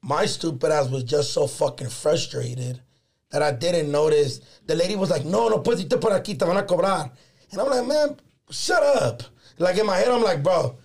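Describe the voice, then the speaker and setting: A man co-hosting a casual podcast, telling a long story in a raspy, fry-heavy voice that sits a little high. He swears constantly, throws in Spanish words and quotes everyone in the story himself. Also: brisk. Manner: profane, animated, slips into Spanish words; acts out his own and others' lines in quotes. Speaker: podcast co-host.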